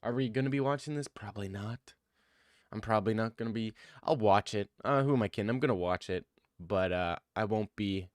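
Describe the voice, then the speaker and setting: A man's voice: lowish voice, brisk, dry recording. Rambling man riffing on fight picks, dry sound. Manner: rambling, thinks aloud, breaks into excited rants. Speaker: MMA commentator. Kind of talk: casual fight-card commentary.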